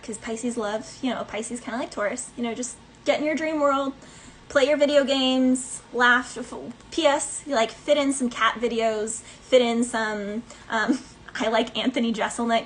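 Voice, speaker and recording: A woman's voice: fairly high pitch, a little slow, slight background noise, poor audio. A woman giving a casual tarot reading in a chatty, playful way, laughing between thoughts. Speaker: tarot reader.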